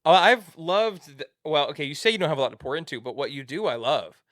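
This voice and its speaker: A man's voice: on the high side, sing-song, fast, fairly bright tone, no echo, studio quality. A man in his late thirties hosting a podcast, interviewing a guest in a playful, enthusiastic way. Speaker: podcast host.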